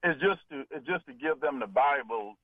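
A male caller from Florida, speaking haltingly and repeating words. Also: mid-range voice, expressive, no room sound. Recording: phone line.

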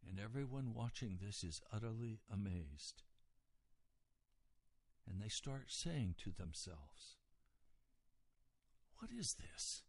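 Slow, deliberate male preacher. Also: lowish voice, expressive, a little mellow, dry recording. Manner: deliberate expository preaching, pausing on key words. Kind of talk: sermon.

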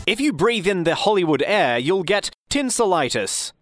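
A man hosting a comedy fact show in a deadpan, pompous mock-radio manner. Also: sits high, normal speed, over music.

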